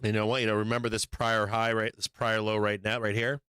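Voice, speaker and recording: A hoarse man hosting a live market stream, reading headlines and cursing bluntly about the charts. His voice sits fairly low yet stays clean and resonant. The sound is dry and close, with no room around it. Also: level tone, a little fast, sharp tone, dry recording. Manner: blunt, profane, reads headlines aloud. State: losing his voice. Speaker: stock market livestream host. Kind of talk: casual market commentary with profanity.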